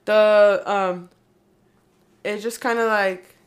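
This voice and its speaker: A woman's voice: medium pitch, steady tone, slow. A young woman in casual conversation, talking in a rambling way with many fillers. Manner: rambling, heavy use of "like" and "um". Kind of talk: casual chat.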